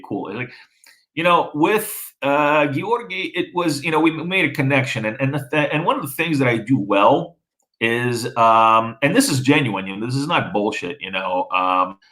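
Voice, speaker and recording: A man's voice: mid-range voice, bright, forceful tone, rough recording. A man from the former Soviet Union whose first language is Russian, telling a story in casual conversation with many fillers and restarts. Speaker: interviewee.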